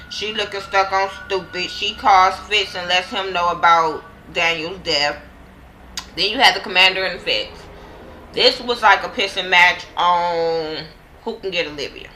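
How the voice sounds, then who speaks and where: A woman's voice: fairly low pitch, measured pace, pushed and bright, a little hiss or hum, rough recording. A woman casually recapping a TV drama episode with slang and profanity, acting out the characters' lines in quotes. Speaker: TV show reviewer.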